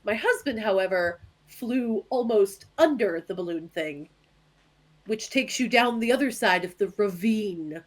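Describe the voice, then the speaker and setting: A woman's voice: medium pitch, expressive, unhurried. A woman co-hosting a casual podcast from home, telling self-mocking, joking stories. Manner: self-deprecating, joking storyteller. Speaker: podcast co-host. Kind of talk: casual chat. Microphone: headphones on, home recording.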